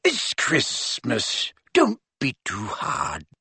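A man's voice: on the low side, wildly swooping pitch, drawn-out words, bright, forceful tone, breathy edge, no room sound, full character voice. A man voicing a jovial, tipsy older male professor who chuckles and hiccups as he talks, in an audiobook. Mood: coaxing. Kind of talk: audiobook character voice.

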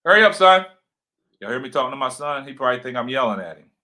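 A man with a deep voice, loud and passionate, casually chatting as co-host of a livestream from his home. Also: very fast.

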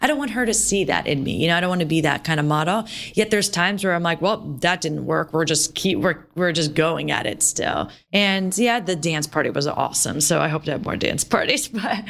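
This woman in her thirties has a low, brisk, creaky voice as she co-hosts a parenting podcast. She's chatty and animated, her speech full of "like" and "you know."

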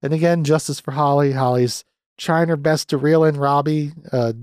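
A man's voice: a little high, fairly even intonation, moderate pace, a little mellow, clean tone, dry recording, studio quality. A man in his thirties hosting a podcast, chatting casually and ramblingly about a film and swearing freely. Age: 30s. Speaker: podcast host. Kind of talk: casual movie review chat.

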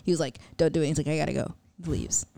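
A woman's voice: sits low, fast talker, creaky, crowd noise. A woman on a podcast as a guest, telling a story in a casual way and acting out the voices of the people in it. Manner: animated, acts out quoted voices.

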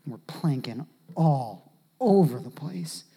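A man preaching a sermon as pastor, animated, swinging from loud shouts to hushed, near-whispered asides. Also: mid-range voice, takes it slowly, breathy edge.

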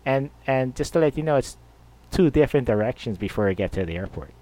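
A man voicing a wife who springs last-minute errands in a breezy, high voice. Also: lively intonation, fast, dark tone, close to an everyday voice.

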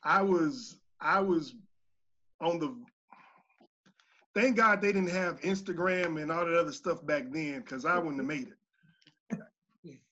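Husky-voiced man, former teacher, lively storyteller, slightly dull audio. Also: on the high side, slow, long pauses. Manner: animated storyteller, acts out quoted voices loudly. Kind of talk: casual storytelling on a panel.

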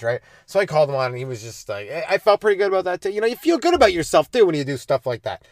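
A man's voice: fairly high pitch, big pitch swings, fast talker, hardly any pauses, dry recording, clean studio sound. A young man, a stand-up comedian, telling rambling profane stories from his car in a driveway. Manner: loose, profane, meandering, with sudden loud jumps. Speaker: stand-up comedian hosting a podcast. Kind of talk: casual rambling storytelling.

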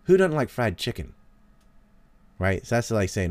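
A man's voice: mid-range voice, sing-song, normal speed, a little mellow, no room sound. A man, ranting in a heated, sarcastic and profane way as he hosts a podcast. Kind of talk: casual ranting monologue.

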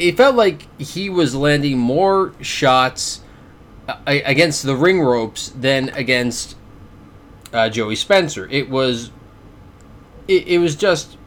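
A man's voice: medium pitch, fairly bright tone. A Canadian man hosting a podcast, reviewing fights in a sarcastic, exasperated way and often stammering over repeated words. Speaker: podcast host. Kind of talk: casual boxing review.

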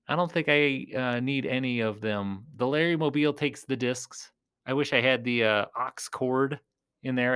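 A man with a slightly higher than usual voice rambles to his viewers in loose, joking chat. He pokes fun at himself and often trails off mid-thought before starting again. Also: fairly bright tone, clean tone. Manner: chatty, joking, self-deprecating, trails off and restarts. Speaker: video creator. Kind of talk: rambling casual chat to viewers while playing a game.

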